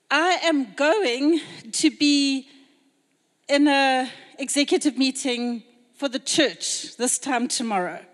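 A woman closing a church service with encouraging, conversational remarks. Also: sits high. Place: church hall. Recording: church hall with long reverb.

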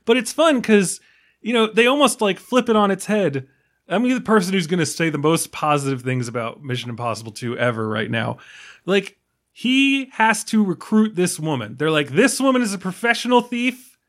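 Brief: fairly high-voiced male podcast host, tired, rambling, chatty. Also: expressive, moderate pace, fairly bright tone. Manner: rambling, many fillers and restarts. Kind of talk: casual film discussion.

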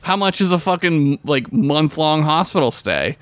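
A man's voice: fairly high pitch, normal speed, slight background noise. A young man co-hosting a podcast, telling a story in casual, profane chat and laughing often. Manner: animated storytelling, swears often, laughs a lot. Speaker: podcast co-host.

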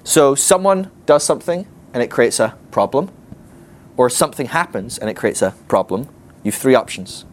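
Lively, animated man teaching. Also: medium pitch, normal speed, a little hiss or hum. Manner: animated, conversational, acts out quoted inner voices. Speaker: ministry school teacher. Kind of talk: teaching talk to a class.

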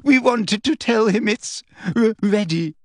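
A woman's voice: on the high side, measured pace, a little mellow, no echo, studio quality, pitched above the performer's own voice. A woman doing a stammering, fake-sobbing schoolgirl. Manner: stuttering, choked, fake-tearful. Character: teenage schoolgirl faking sobs, stammering. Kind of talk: dramatic reading.

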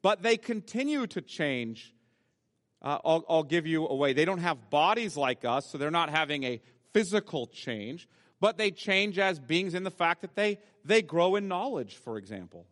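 A man preaching a sermon as pastor, reading scripture aloud and slowing down to stress key words. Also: on the high side, very animated, fairly bright tone, in a large hall. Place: church sanctuary.

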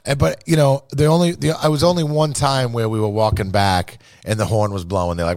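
A man telling stories in casual, profane podcast chat, animated and full of quoted voices. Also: on the low side, fast talker, few pauses, no echo.

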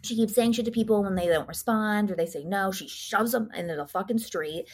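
Husky-voiced woman swearing through a recap. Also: mid-range voice, brisk. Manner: profane, rambling, animated retelling. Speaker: podcast co-host. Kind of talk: casual horror movie recap.

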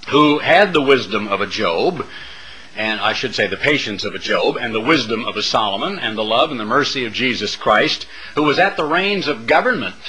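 A middle-aged American man preaching a conversational sermon, rambling through folksy asides with fillers and turning animated and high when he mocks someone. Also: slightly rough, rough recording. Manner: animated when mocking, rising sharply in pitch.

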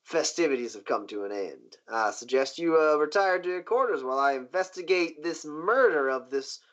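A man voicing a smooth, scheming riverboat boss who drawls his offers slowly with hesitant pauses. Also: a little high, expressive, fairly bright tone. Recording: dull lo-fi recording.

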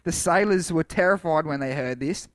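A man's voice: on the high side, moderate pace, dry recording, studio quality. A man preaching a casual sermon, reading Bible passages aloud and breaking off for chatty asides. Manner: reads scripture aloud with dramatic shouts for quoted lines, chatty asides.

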